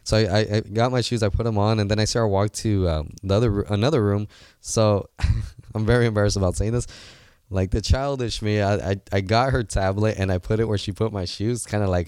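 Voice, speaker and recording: A man's voice: fairly low pitch, fairly even intonation, fairly quick, darkish tone, smooth, no room sound. Earnest, rambling young man, dry sound. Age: 20s. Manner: earnest, rambling, with many fillers and restarts. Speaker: guest, seminar organizer. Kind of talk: casual interview talk.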